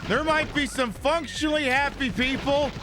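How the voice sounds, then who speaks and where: A man's voice: very high-pitched, moderate pace, noisy background. A man hosting a game stream, rambling and joking casually, swearing freely as he plays. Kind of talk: casual gameplay commentary.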